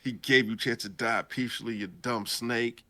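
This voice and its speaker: A man's voice: mid-range voice, steady tone, moderate pace, pushed and bright, pitched above the performer's own voice. A man voicing a stern female mentor who scolds in a matter-of-fact way. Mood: scornful. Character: stern woman mentor, smug, lecturing.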